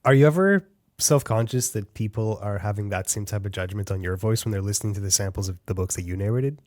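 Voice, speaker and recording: A man's voice: on the low side, fast, a little mellow, no room sound, clean studio sound. A man hosting an audiobook podcast, upbeat and chatty as he interviews a guest. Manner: upbeat, chatty, laughs often. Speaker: podcast host.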